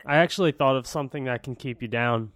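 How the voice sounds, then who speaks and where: A man co-hosting a sports podcast, answering in short deadpan remarks. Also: mid-range voice, quick pace, no echo. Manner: dry, short deadpan replies. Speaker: podcast co-host. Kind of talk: casual sports chat.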